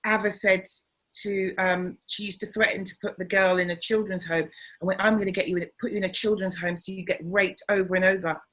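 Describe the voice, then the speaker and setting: A middle-aged woman talks through a casual interview as a guest. Her voice is slightly husky and sits in an ordinary middle pitch. She tells stories with lively energy and acts out the people she quotes. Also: a little fast, rough recording.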